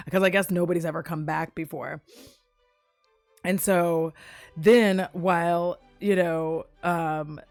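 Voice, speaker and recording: A woman casually recapping a movie, profane, giggly and animated as she tells the story. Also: on the low side, normal speed, no room sound, soft background music.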